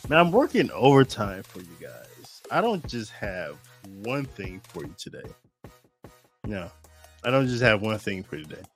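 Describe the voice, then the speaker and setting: A man's voice: lowish voice, sing-song, normal speed, faint music behind. A man hosting a casual livestream show, rambling and chuckling at himself, groggy from a nap. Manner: rambling, self-deprecating, chuckling. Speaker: show host. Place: home studio in Germany.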